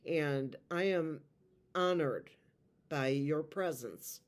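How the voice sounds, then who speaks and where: Slow, low-voiced tarot reader woman. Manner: soft, slow and heartfelt, emotional. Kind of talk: spiritual video talk to viewers.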